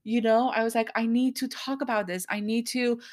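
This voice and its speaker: A woman hosting a podcast, venting to her listeners in a personal monologue. She sounds angry and worked up, frustrated, and talks in bursts with quick asides. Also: a little high, fairly even intonation, a little mellow. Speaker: podcast host.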